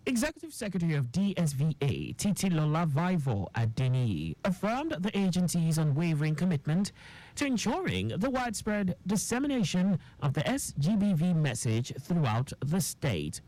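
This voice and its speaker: Newsreader with lively intonation. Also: medium pitch, no room sound, rough recording. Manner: formal, measured read with lively intonation. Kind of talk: radio news bulletin.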